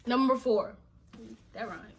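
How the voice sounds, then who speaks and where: A woman's voice: a little high, slow pace. A woman from Nigeria vlogging to camera, exasperated and emphatic, firing off repeated rhetorical questions. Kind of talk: casual to-camera rant.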